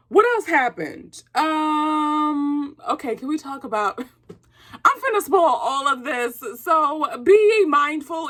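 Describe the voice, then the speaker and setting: A woman with a high voice hosts her own movie review vlog in a casual, chatty way. She is excitable and turns loud when something thrills her, peppering her talk with slang.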